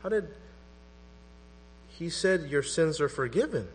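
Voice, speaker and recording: A man preaching a sermon in an animated, conversational way, acting out quotes as he goes. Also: fairly high pitch, unhurried. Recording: long hall reverb with mains hum.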